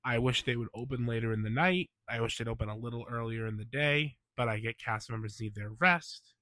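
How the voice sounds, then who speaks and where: A man's voice: medium pitch, a bit bright, no echo. A man hosting a podcast in a casual, opinionated monologue, sounding stuffy from a cold and throwing in emphatic asides. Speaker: podcast host.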